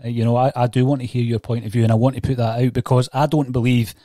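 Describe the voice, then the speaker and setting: Male podcast host, earnest and halting, recorded dry. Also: mid-range voice, little pitch movement, mellow, dry recording. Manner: earnest, hesitant, many fillers. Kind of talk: interview questions.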